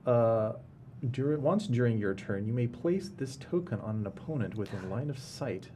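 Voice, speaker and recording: A man's voice: medium pitch, expressive, moderate pace, warm tone, a little hiss or hum. A man playing a board game, gleefully reading card text aloud as he makes his moves. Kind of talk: casual play chat.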